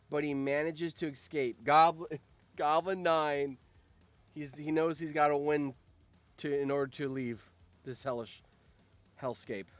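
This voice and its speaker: In his casual commentary on a game simulation, a male streamer hosting a channel shifts from muttering under his breath to shouting excitedly.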